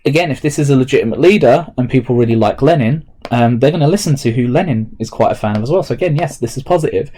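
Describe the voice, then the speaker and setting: A male teacher talks students through a remote lesson, explaining each step aloud as he types notes. His voice is mellow and relaxed, sitting at an ordinary middle pitch. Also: quick pace, few pauses. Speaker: history teacher. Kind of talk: recorded remote lesson walkthrough.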